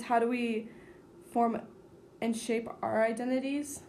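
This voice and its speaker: A teenage girl with a fairly high voice chats in an easygoing way, often pausing on "like" and "um". A faint hiss runs under the recording. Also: flat delivery, darkish tone. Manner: laughing, easygoing, hesitant fillers. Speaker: student co-host. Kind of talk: casual chat.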